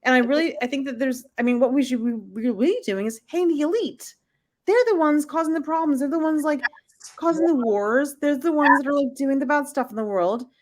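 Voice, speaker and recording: Rambly American woman, higher voice. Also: fairly quick. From United States. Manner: rambling, heavy use of "like". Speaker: podcast co-host. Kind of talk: casual chat. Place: home in rural Washington state.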